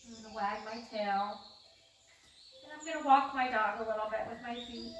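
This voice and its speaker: A woman teacher gently leading a home yoga class with calm, encouraging instructions. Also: fairly high pitch, moderate pace. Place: home room. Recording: echoey room, mic at a distance, loud music behind. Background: quiet nature music.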